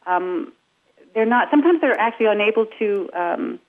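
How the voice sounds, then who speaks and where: A woman's voice: mid-range voice, lively intonation, moderate pace. A woman from England, an accent coach, explaining casually with spoken examples. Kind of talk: casual radio chat. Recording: phone-line radio sound.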